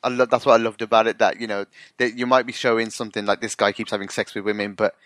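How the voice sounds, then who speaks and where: A man hosting a podcast, chatting casually and excitably, swearing and laughing a lot. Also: lowish voice, quick pace, no echo. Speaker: podcast host. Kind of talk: casual chat.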